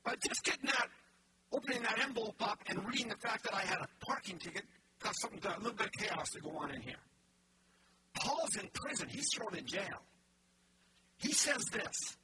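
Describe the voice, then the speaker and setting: Male pastor, high-pitched, chatty sermon style full of asides; distant mic with noisy background. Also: expressive, moderate pace, pauses often. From Canada. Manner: storytelling with many restarts and asides.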